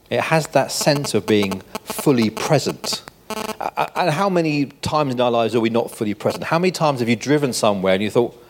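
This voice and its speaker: A man's voice: medium pitch, sing-song, moderate pace. An older man giving a conversational sermon, full of rhetorical questions to the congregation. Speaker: preacher.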